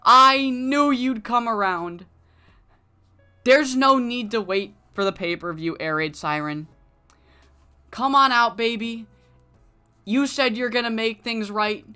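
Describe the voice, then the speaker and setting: A man's voice: very high voice, slow, long pauses, pushed and bright, smooth, faint music behind, exaggerated voice. A man voicing a cocky, flirtatious male wrestler who croons and coaxes. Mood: coaxing.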